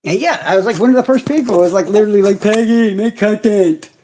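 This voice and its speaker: A man's voice: high voice, lively intonation, racing, a little mellow, slight background noise. A man hosting a casual livestream, ranting in heavy profanity and answering viewers' comments directly. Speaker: livestream host.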